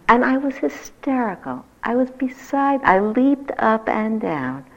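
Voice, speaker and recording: Low-voiced older woman giving a dharma talk. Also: moderate pace, creaky. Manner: gentle reflective teaching, lively when telling stories. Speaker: meditation teacher. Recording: dull lo-fi talk recording.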